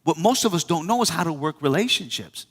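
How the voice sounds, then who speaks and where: High-voiced preacher man in an echoing hall. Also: brisk. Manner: lively preaching with call-and-response asides. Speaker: pastor. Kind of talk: sermon. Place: church hall.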